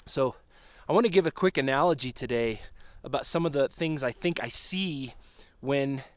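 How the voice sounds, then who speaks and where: A man's voice: medium pitch, normal speed, no room sound. A middle-aged man speaking outdoors on a snowy slope, earnestly urging pastors with direct questions and a preacher's push. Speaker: retreat ministry founder. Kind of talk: outdoor pep talk to pastors.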